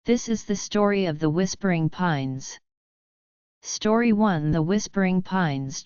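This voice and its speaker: A woman narrating bedtime horror stories in a calm, soft, hushed and atmospheric way, as the regular host of the channel. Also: on the low side, clean tone, no room sound, highs cut off.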